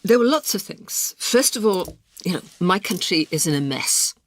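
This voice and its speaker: A woman's voice: lowish voice, animated, normal speed. A woman answering interview questions in a passionate, emphatic way. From Britain. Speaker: politician, interview guest.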